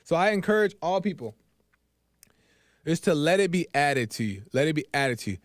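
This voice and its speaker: Encouraging preacher-style talk host, smooth voice. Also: male voice, on the high side, big pitch swings, normal speed, dry recording, studio quality. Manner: preachy, encouraging, repeats key phrases. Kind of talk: live call-in faith talk show.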